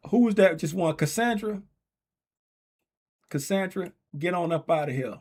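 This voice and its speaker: A man's voice: high voice, measured pace, long pauses. Playful man hosting a livestream. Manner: loose, playful, talks straight to the chat; gets loud and excited calling a giveaway race. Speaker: trading livestream host. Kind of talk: casual livestream chat.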